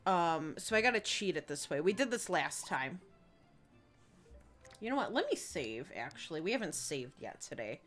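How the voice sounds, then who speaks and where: A woman's voice: fairly low pitch, sing-song, normal speed, a bit bright, soft background music. A young woman streaming a life-sim game, chatting casually and reading viewer messages with lots of fillers and giggles. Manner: chatty, reads chat aloud, many fillers and giggles. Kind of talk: casual gameplay commentary.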